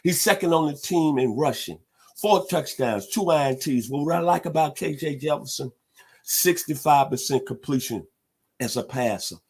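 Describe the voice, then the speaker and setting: Husky man hyping college football. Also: fairly high pitch, normal speed. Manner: animated, preacher-like hype with loud hog calls. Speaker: sports talk show host. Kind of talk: sports talk commentary.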